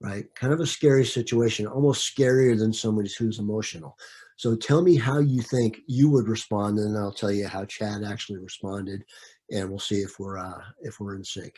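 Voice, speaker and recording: A man's voice: lowish voice, steady tone, brisk, mellow. A man leading an online training session, talking conversationally and answering participants' comments by name, with frequent fillers and restarts.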